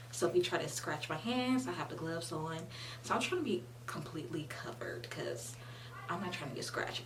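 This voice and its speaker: A woman's voice: lowish voice, far from the mic. Nervous chatty woman filming at home. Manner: nervous, chatty, talks to viewers and pet. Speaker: vlogger. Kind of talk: casual vlog narration. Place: bathroom at home. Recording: noisy room, voice off-mic at times.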